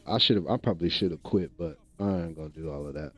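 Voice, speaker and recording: A man's voice: low voice, fast, a bit bright, muffled recording. A man streaming live, chatting casually with viewers in loose slang and laughing often.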